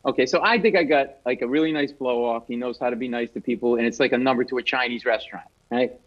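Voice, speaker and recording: A man telling a comic story as a guest comedian, animated and self-mocking. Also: mid-range voice, fast talker, muffled recording.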